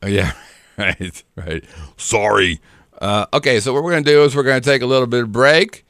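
A man's voice: medium pitch, moderate pace, a bit bright, no echo, clean studio sound. A middle-aged married man co-hosting a podcast, joking and teasing in casual banter. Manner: joking, teasing, does silly voices. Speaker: podcast co-host.

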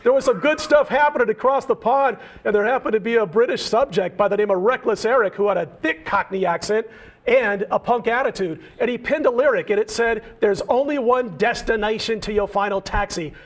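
A man's voice: very high voice, a little fast. A man in his forties from Nebraska, giving punchy, opinionated analysis as a regular on a sports betting talk show. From Nebraska, USA.

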